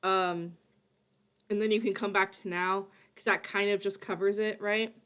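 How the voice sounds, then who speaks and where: A woman's voice: medium pitch, fairly even intonation, moderate pace, a bit bright, clear, resonant tone. Give me a woman streamer chatting casually, rambling, stop-start and profane. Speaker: streamer reacting to a video. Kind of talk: casual live-stream chat.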